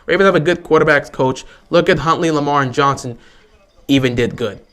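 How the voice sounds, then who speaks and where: A man with a slightly higher-than-average voice hosts a casual fan livestream about football. He argues his opinions emphatically and repeats points to drive them home. Between his arguments he answers questions from viewers. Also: brisk, a bit bright. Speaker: livestream host.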